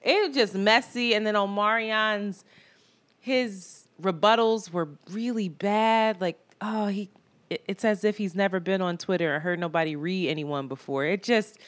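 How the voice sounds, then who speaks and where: A woman co-hosting a podcast in casual chat, animated and laughing, jumping from loud outbursts to low mutters. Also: moderate pace. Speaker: podcast co-host.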